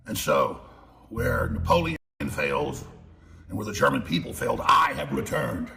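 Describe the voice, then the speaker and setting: A man's voice: on the low side, gravelly, fairly bright tone, exaggerated voice. A man playing a grandiose, self-proclaimed returned wartime dictator, speaking in a declamatory way. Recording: echoey hall with guitar music.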